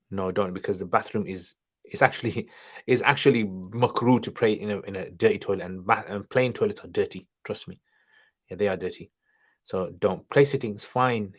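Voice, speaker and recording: A man hosting a casual livestream, reading viewers' questions aloud and answering them offhandedly, sprinkling in Arabic greetings and religious terms. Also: lowish voice. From studied nine years in Pakistan, now in England.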